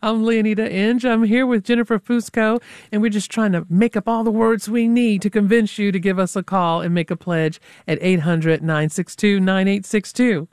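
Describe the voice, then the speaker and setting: A woman's voice: medium pitch, fairly even intonation, normal speed, few pauses, a little mellow, smooth, dry recording, studio quality. A woman hosting a live public radio pledge drive, chatting loosely and repeating the call-in number.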